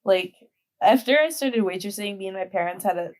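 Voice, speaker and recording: A woman's voice: medium pitch, expressive, a little fast. A woman in her twenties chatting casually as a podcast guest, talking in a rambling way with lots of fillers. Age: 20s. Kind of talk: casual chat.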